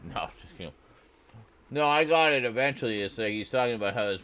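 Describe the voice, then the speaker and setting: A man's voice: medium pitch, expressive, a little fast, fairly bright tone. A man from Canada chatting casually and joking as he reacts to a clip, rambling and laughing often. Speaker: reaction video host.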